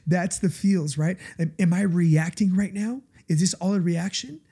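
Warm, husky-voiced preaching man. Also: high voice, moderate pace. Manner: earnest, confessional, emphatic, often asks listeners "right?". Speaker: pastor. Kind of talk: conversational sermon.

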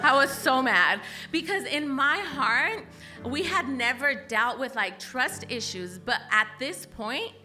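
A young woman with a high, bright voice tells a story in an easygoing talk. She is animated and laughs often, tossing in "like" and "okay?" as she goes. Soft music plays faintly behind her. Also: slow pace.

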